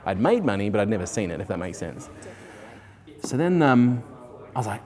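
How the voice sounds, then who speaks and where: A man in his forties, a guest in an interview, telling his life story casually, animated and swearing freely while acting out what others said. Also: on the low side, fairly quick. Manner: animated, swears freely, acts out quoted people.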